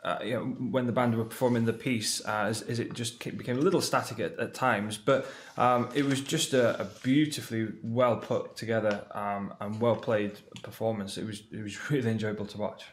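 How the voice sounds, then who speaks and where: A man from Yorkshire commenting on a band performance, enthusiastic but offering measured critique. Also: fairly low pitch, steady tone, echoey room, a little hiss or hum.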